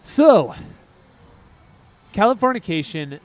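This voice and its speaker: A man co-hosting a casual music podcast, talking in an excitable, rambling way with quick asides. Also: high voice. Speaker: podcast co-host. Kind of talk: casual chat.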